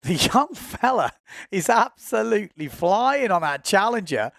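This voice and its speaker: A man's voice: high voice, big pitch swings, unhurried, creaky, fairly bright tone, no echo, studio quality. A man giving chatty, informal live commentary on a windsurfing race, often correcting himself as he goes.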